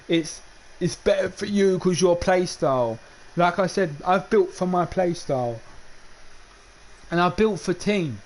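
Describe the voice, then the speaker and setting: A man's voice: high voice, a little mellow. A man, a gaming streamer, ranting in a heated, repetitive way and stumbling over his restarts. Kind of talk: unscripted ranting monologue.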